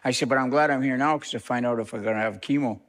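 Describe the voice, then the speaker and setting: A man's voice: medium pitch, quick pace, fairly bright tone. Older man telling his story, church reverb. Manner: plain, conversational storytelling with restarts. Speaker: guest minister. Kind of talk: telling a personal story to a congregation. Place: church sanctuary.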